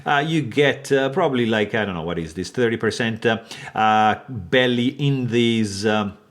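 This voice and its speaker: A man's voice: on the low side, normal speed. Enthusiastic man reviewing a knife. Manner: enthusiastic, many fillers and hesitations. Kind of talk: detailed product review.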